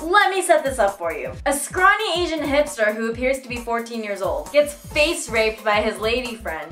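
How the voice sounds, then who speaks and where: A young woman hosts a comedy news roundup in a high, bouncy voice that climbs and dips constantly. She delivers snarky, playful asides, with faint music running underneath. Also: bright, forceful tone. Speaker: show host.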